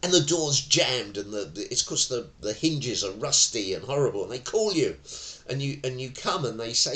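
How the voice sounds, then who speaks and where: A man's voice: medium pitch, moderate pace. A middle-aged man teaching tai chi, telling anecdotes and acting out the voices in them. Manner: animated storyteller who acts out voices.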